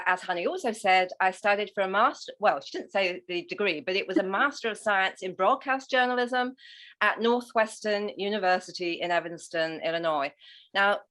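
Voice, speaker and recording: Enthusiastic English woman telling stories. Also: medium pitch. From England. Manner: enthusiastic, animated storytelling. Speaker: interview guest. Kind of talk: conversational interview.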